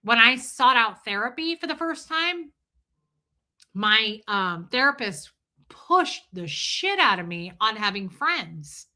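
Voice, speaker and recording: A woman in her forties hosting a casual livestream, chatting bluntly with frequent swearing and animated storytelling. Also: on the high side, slow pace. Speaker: livestream host.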